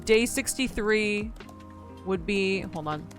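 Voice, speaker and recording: A woman's voice: medium pitch, slow pace, soft background music. A woman streaming live, chatting in a playful, joking way and thanking her donors. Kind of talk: casual live-stream chat.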